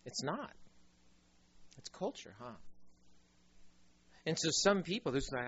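A man's voice: medium pitch, normal speed, pauses often, slightly rough, highs cut off. A man preaching a sermon as pastor, telling stories with acted-out voices and joking asides. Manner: animated storytelling, acts out voices, joking asides.

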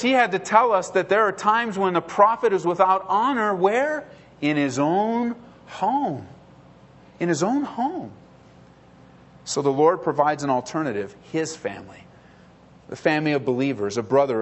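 A man's voice: high-pitched, a bit bright. A male pastor preaching a sermon in an earnest way, repeating phrases for emphasis and acting out quoted prayers and replies.

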